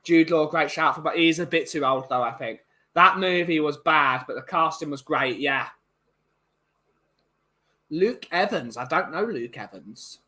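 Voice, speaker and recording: Bright, high-voiced man chatting. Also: unhurried. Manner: rambling, opinionated, many restarts. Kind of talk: casual chat.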